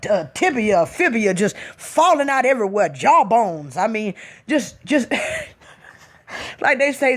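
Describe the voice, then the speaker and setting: A woman's voice: mid-range voice, a little hiss or hum. A woman hosting a spiritual talk, speaking in an emphatic, preachy casual style and often tossing in a rhetorical "hmm?". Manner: reads out listener comments.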